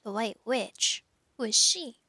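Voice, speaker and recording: A woman's voice: fairly high pitch, animated, slow pace, sharp tone, slightly rough, no echo, full character voice. A woman voicing an earnest, worried young girl who pleads and insists in a raised voice.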